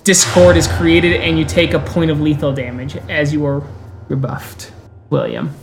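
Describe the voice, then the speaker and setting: Unhurried game master narrating a tabletop game. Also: male voice, a little high, level tone, creaky, noisy background. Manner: descriptive, unhurried narration with quick rules calls.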